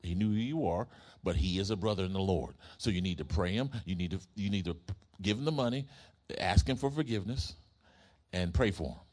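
A man preaching a sermon, telling a story in an animated way and asking his congregation questions. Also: low-pitched, fairly quick. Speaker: pastor.

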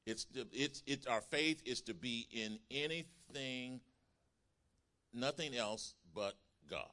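A man's voice: mid-range voice, animated, slow pace. Man preaching with rising fervor. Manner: builds from quiet teaching to loud, emphatic preaching with call-outs; repeats phrases and restarts in the flow of preaching. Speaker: pastor. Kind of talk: sermon.

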